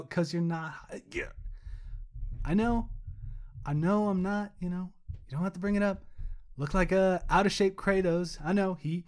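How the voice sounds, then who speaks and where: A young adult man co-hosting a podcast, rambling casually, swearing and mocking himself. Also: sits high. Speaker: podcast co-host.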